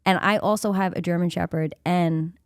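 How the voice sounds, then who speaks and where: A woman's voice: fairly low pitch, fairly even intonation, moderate pace, clear, resonant tone, dry recording, studio quality. A woman co-hosting a podcast, telling a childhood story in casual chat, acting out the voices of people in it and laughing often. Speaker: podcast co-host.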